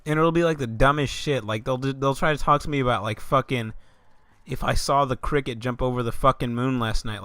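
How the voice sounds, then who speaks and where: A man's voice: mid-range voice, fairly quick, fairly bright tone, no room sound. Profane, exasperated young man ranting. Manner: exasperated, profane, stammering outbursts. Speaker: vlogger. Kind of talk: comedic rant vlog.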